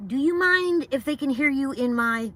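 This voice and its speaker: A woman's voice: high-pitched, lively intonation, normal speed, pushed and bright, recorded from a distance, soft background music. A woman vlogging casually while doing deliveries, blunt and swearing as she talks to herself. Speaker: gig delivery driver vlogger. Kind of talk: casual chat while driving.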